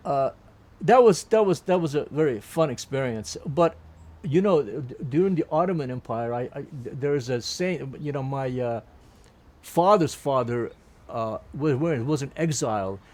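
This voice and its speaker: A man's voice: mid-range voice, expressive, normal speed, darkish tone. An older man from Turkey, a Turkish native speaker, telling a long rambling anecdote in an interview with many restarts and laughs. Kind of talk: storytelling anecdote.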